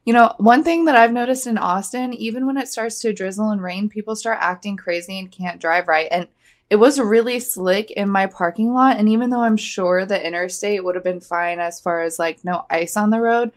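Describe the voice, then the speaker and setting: A woman's voice: mid-range voice, moderate pace. A young woman from Georgia co-hosting a podcast, telling a rambling story full of fillers. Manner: chatty storyteller, full of likes and restarts. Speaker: podcast co-host. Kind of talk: casual chat.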